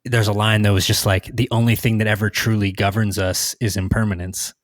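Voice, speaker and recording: A man's voice: lowish voice, flat delivery, a little fast, no echo. Guy hosting a podcast, rambly, lots of ums and restarts, dry mic. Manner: rambling, many restarts and fillers. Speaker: podcast host. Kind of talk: casual chat.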